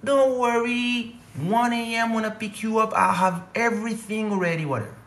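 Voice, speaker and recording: A man voicing a male con-man promoter who pleads and whines in a high, sobbing tone. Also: steady tone, normal speed, a bit bright. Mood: pleading. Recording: echoey room.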